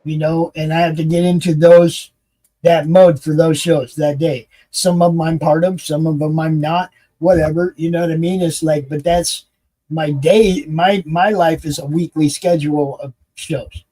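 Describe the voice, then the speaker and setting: A man hosting a casual hangout chat, rambling and profane with quick laughs. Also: fairly high pitch, fairly even intonation, warm tone, rough recording. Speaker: host.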